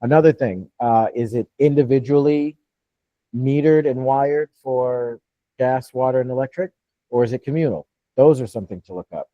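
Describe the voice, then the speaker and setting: A man's voice: mid-range voice, moderate pace, dry recording. A man coaching callers in a live Q&A, talking bluntly and swearing freely. His voice comes through dull and lo-fi, and the sound is dry and close. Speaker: host and wholesaling coach.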